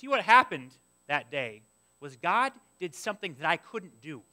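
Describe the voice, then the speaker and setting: A young adult man preaching a sermon, telling a personal story in an animated way and acting out his own past complaints. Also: fairly high pitch, moderate pace. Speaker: pastor.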